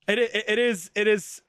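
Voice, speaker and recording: A man's voice: high voice, fairly bright tone, clear, resonant tone, dry recording. A man streaming live, ranting in an exasperated, incredulous way in casual chat.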